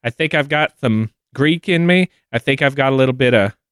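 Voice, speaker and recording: A man's voice: mid-range voice, a little fast, fairly bright tone, smooth, dry recording, clean studio sound, natural voice. A man playing a folksy, fair-skinned woman hosting a candy show, drawling and giggly. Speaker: co-host. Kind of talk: comedic character banter.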